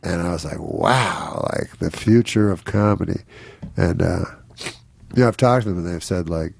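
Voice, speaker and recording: A middle-aged man, a comedian, telling a rambling anecdote in a deadpan way, laughing now and then and acting out what other people said. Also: sits low, moderate pace, vocal fry, husky. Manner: deadpan, laughs at his own stories, acts out other people's lines. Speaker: comedian guest.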